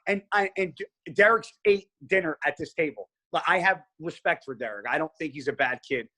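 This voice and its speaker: A man's voice: fairly high pitch, brisk. A man as a podcast guest, telling stories in casual chat, blunt and heavy on profanity. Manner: blunt, profane, animated storyteller.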